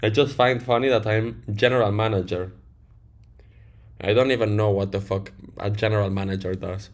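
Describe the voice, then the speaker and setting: A man's voice: on the low side, steady tone, normal speed. A man chatting casually on a livestream, reading out viewer comments and answering them bluntly, with casual swearing. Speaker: livestream trader.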